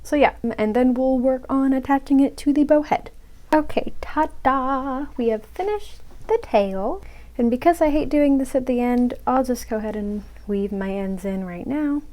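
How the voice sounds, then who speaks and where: Young woman walking through crochet stitches, a bit higher voice, chatty and jokey with herself. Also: fairly even intonation, moderate pace, few pauses, dark tone, rough recording. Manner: chatty, self-mocking asides, drops to a whisper when muttering to herself. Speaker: crochet tutorial host. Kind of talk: casual step-by-step tutorial.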